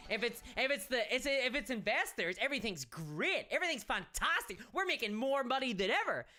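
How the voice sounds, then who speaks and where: A woman's voice: a little high, very animated, fairly quick, bright, forceful tone. An Irish woman hosting a casual live stream, chatty and wry, with frequent restarts. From Ireland. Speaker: miniatures channel host.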